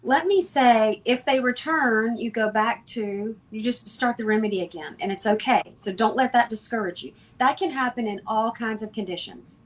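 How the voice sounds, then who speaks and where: Calm, instructive woman. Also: a little high, moderate pace, few pauses. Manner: calm, instructive, matter-of-fact. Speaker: homeopath guest. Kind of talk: advice interview.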